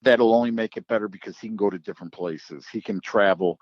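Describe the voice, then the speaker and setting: A man's voice: on the low side, quick pace, dry recording, lo-fi sound. A man who works as a drag racing track announcer, telling stories in a casual podcast chat and acting out the voices of the people he quotes.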